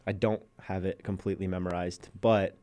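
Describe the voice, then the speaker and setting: A man's voice: sits low, brisk. A young man, a podcast guest, telling a personal story in casual chat and acting out what people said. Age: young adult. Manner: animated storyteller, acts out quotes.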